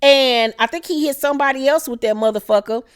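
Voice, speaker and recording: A woman hosts a casual TV recap vlog, telling the story with a fairly high voice. She curses freely and uses lots of slang, and she animatedly acts out what each character says. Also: brisk, clean tone. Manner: heavy swearing, slangy. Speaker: TV show recap host. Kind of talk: profane casual episode recap.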